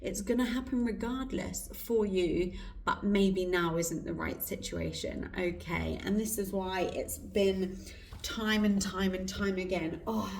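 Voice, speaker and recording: A woman giving an intuitive card reading in a slow, soft, reflective way with pauses, her throat going hoarse, recorded indoors. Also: mid-range voice, a little hiss or hum. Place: indoor room with incense burning. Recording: roomy, distant mic.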